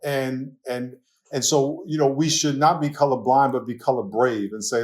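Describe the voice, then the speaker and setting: A man with a New York accent, a pastor talking as a guest in a casual interview, telling lively stories and laughing often. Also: medium pitch, moderate pace. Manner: animated storytelling, laughs often.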